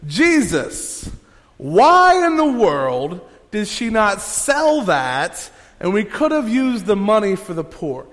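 A pastor voicing an indignant apostle, raised in a hall. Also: male voice, sits high, huge pitch swings, slow pace, fairly bright tone, pitched above the performer's own voice, exaggerated voice. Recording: long hall reverb.

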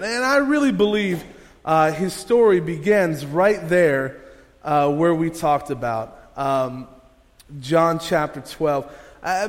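A male pastor preaching a sermon in a conversational way, with many fillers and restarts. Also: fairly high pitch. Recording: long hall reverb.

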